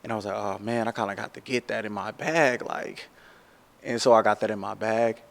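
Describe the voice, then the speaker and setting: A man who works as a tattoo artist, telling a story in a casual, animated way, full of slang and "like". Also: on the low side, brisk, gravelly, long reverb tail.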